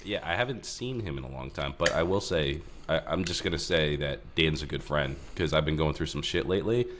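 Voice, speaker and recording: A man's voice: a bass voice, a little fast, a bit bright, a little hiss or hum. A man co-hosting a podcast, talking in a laid-back, profane, casual way about building motorcycles. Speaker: podcast co-host. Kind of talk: casual chat.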